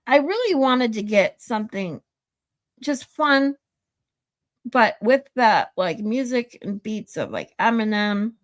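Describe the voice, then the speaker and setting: Slow-talking, giggly woman streamer. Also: fairly high pitch, animated. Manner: laughs a lot, swears casually, rambling. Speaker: live streamer reading chat. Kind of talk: casual live-stream chat.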